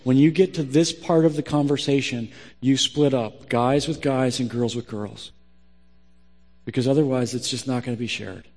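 A man's voice: mid-range voice, fairly even intonation, normal speed, a little mellow. A man preaching a sermon as pastor, blunt and emphatic in his direct way of talking. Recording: long hall reverb.

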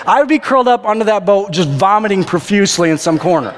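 A man preaching a conversational sermon, animated and playful, acting out the people in the story. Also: high voice, fast talker, few pauses. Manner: animated, conversational, acts out characters' lines. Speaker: pastor. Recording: long reverb of a big hall.

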